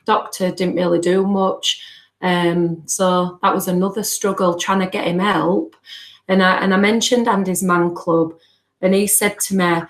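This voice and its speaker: A woman telling her story as a guest on a podcast, in an earnest, halting way. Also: on the low side, little pitch movement, reverberant, low-quality recording. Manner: earnest, halting, acts out remembered dialogue. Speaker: guest, bereaved mother. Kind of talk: personal storytelling in a podcast interview.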